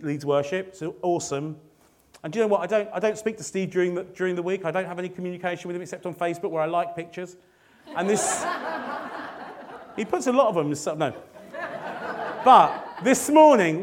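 High-voiced man preaching a chatty sermon. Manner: conversational, jokey and rising to excited. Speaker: lay preacher.

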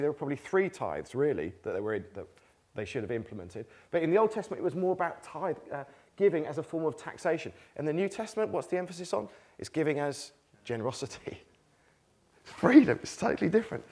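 A man's voice: fairly high pitch, darkish tone. A man preaching a conversational sermon, asking rhetorical questions and laughing between points. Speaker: pastor.

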